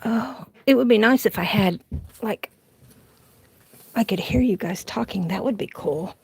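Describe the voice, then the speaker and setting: At a measured pace, a woman in her forties with a Southern accent talks in a medium-pitched, gravelly voice that's a little mellow with a breathy edge. On her casual late-night crafting livestream, she walks through her house, rambling, laughing often and chatting to viewers.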